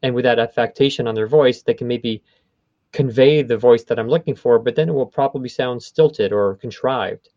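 A voice studio owner explains at length how the voiceover business works in a conversational interview, often backing up to rephrase. His warm, mid-range voice moves at normal speed. The recording is dry, a little dull, and free of echo.

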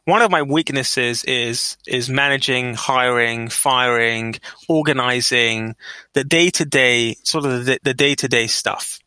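A middle-aged business owner tells stories in an interview, animatedly acting out quoted dialogue with rising pitch. His smooth voice is a little slow, and the audio is poor with no room sound.

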